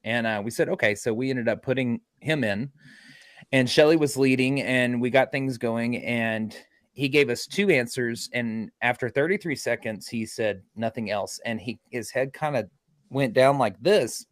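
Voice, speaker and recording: A man's voice: mid-range voice, normal speed, no room sound, clean studio sound. A man who is a paranormal investigator, telling a detailed story in a group interview and restarting his sentences often.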